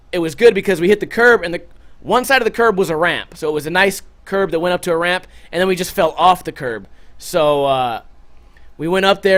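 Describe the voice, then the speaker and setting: High-voiced man telling a profane story. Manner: animated, profane, with sound effects. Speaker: vlogger. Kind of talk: casual storytelling to camera.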